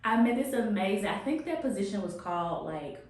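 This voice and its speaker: In an echoey office, a woman hosts a video podcast, gushing and rambling as she introduces a guest and chats with enthusiasm. Her medium-pitched voice is expressive and slightly mellow, and she speaks a bit fast.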